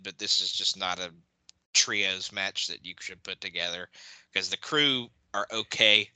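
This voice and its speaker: A man with a lowish voice and a very forceful, sharp edge leads a casual podcast chat. He rambles bluntly through his opinions. The sound is close and completely dry. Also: unhurried, clean tone, no echo, poor audio. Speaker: podcast host.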